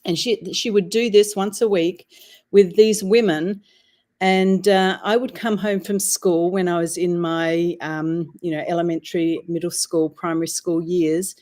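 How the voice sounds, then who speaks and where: An Australian woman in her sixties, telling a personal story as a podcast guest in a measured, reflective way. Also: on the low side, fairly even intonation, a little mellow. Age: 60s. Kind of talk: casual interview storytelling.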